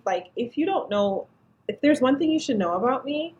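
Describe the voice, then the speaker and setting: A woman guest, a diabetes educator, telling a story in an animated way, acting out the lines of each person and often laughing. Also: high voice, normal speed, poor audio. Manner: expressive, acts out dialogue, laughs often.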